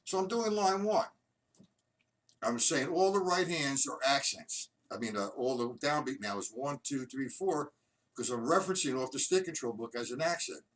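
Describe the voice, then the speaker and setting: A man's voice: mid-range voice, normal speed. Man counting through a drum lesson. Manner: patient, counting out loud. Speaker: drum teacher. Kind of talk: live-streamed lesson. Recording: distant mic, loud noisy room.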